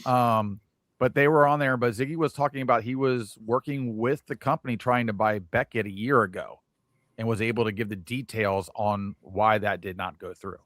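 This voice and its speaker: A man co-hosting a casual livestream panel chat, talkative and quick to cut in with rebuttals. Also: fairly low pitch, fairly bright tone, no room sound, clean studio sound. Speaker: co-host.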